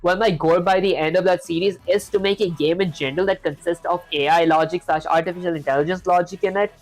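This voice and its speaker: A woman's voice: lowish voice, steady tone, fast, a little mellow, rough recording. A woman streaming herself coding, talking through each step and chatting with viewers in a loose, filler-heavy way.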